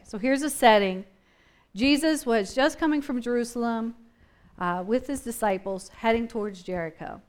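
In a chatty, think-out-loud Bible lesson, a woman with a high voice animates each scene, performing the story's voices as she goes. She keeps asking her listeners questions throughout this conversational teaching.

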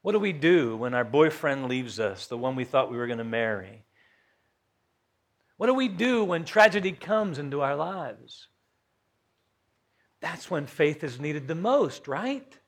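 A man preaching a sermon as pastor, folksy, questioning his congregation and rising to loud emphasis. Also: on the high side, big pitch swings, measured pace, long pauses.

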